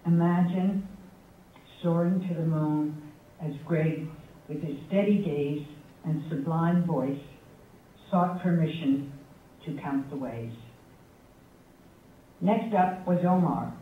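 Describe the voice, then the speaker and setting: Man, high voice, slow measured delivery, wry affectionate anecdotes, distant from the mic, boomy echoing hall, faint background noise. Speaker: tribute speaker at a memorial forum. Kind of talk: prepared anecdotal tribute speech. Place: university forum hall with audience. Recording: echoey, thin phone-like sound from far off.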